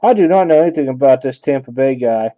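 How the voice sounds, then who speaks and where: A man's voice: medium pitch, expressive, fast talker, phone-quality sound. A man hosting a card break, giving offhand running commentary and thinking aloud as he opens packs. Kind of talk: casual card-opening commentary.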